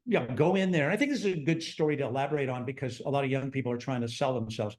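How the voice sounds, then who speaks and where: A man's voice: medium pitch, racing. A man in his sixties, a theme park designer telling stories from his life in an interview, acting out the voices of people he quotes. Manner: animated, acts out quoted dialogue in his telling. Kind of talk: storytelling in conversation.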